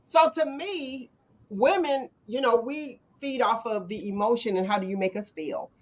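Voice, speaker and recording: Animated slangy woman host. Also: fairly high pitch, normal speed. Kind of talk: casual chat.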